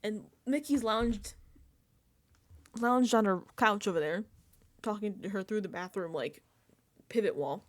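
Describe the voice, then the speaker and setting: A woman's voice: mid-range voice, measured pace, long pauses. A woman hosting a casual reality TV recap, talking animatedly, laughing often and acting out quoted lines.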